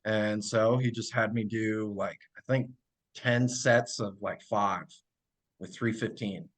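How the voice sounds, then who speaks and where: A man's voice: on the low side, slow. A man in his thirties, a podcast guest and strength coach, telling stories casually with lots of fillers. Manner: relaxed, many fillers, laughs while telling stories. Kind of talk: casual storytelling.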